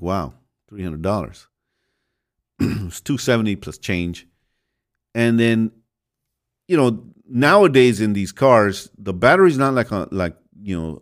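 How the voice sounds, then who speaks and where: Rambling man telling a sermon story. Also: deep voice. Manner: rambling, self-interrupting, chuckles, addresses listeners as folks. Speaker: podcast host preaching.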